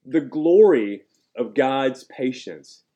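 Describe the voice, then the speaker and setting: A man preaching a sermon as pastor, emphatic, tossing questions to the congregation and climbing in pitch and volume on key points. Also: expressive, takes it slowly, phone-quality sound.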